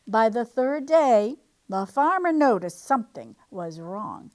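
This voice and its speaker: Animated woman reading a picture book. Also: fairly high pitch, takes it slowly. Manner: expressive, animated. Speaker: library storytime reader.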